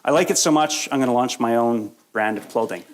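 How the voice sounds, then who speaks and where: Speaking a little fast in a medium-pitched voice, a man getting over a cold leads a live training workshop, with slight background noise. He jokes around, talks conversationally, and checks in with his audience by asking "right?" again and again.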